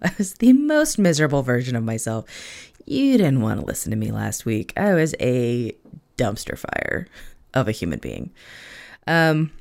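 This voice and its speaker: A woman hosting a podcast in casual solo chat, hoarse from being sick, chatty and self-mocking with casual swearing. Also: medium pitch, a little mellow. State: hoarse from illness. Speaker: podcast host.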